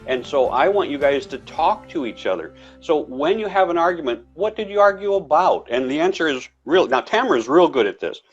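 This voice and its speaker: Lively storytelling man, muffled sound. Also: fairly quick, hardly any pauses, slightly rough, soft background music. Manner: storytelling, acts out dialogue with big pitch jumps. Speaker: podcast co-host. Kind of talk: casual conversation on relationships.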